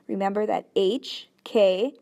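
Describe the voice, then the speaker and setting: A woman's voice: mid-range voice, fairly even intonation, takes it slowly, vocal fry, warm tone. A woman teaching a language lesson, patiently sounding out syllables one at a time. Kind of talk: slow instructional explanation.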